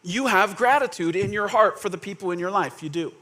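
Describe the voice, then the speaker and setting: A man with a notably high voice preaches a sermon. He keeps it conversational, asking the congregation questions and acting out little scenes with quoted voices. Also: fairly quick, bright, forceful tone. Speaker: pastor.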